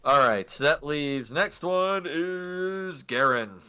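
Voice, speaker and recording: A man's voice: a little high, lively intonation, takes it slowly, bright, forceful tone, clean tone. A man narrating as game master in loose narration full of fillers.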